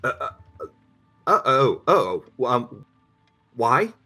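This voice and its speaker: A man's voice: mid-range voice, sing-song, slow, pushed and bright, faint music behind, pitched above the performer's own voice, heavily acted. Man doing a stammering nervous lawyer. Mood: flustered. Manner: constant stutter and repeated words. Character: nervous stammering middle-aged male lawyer.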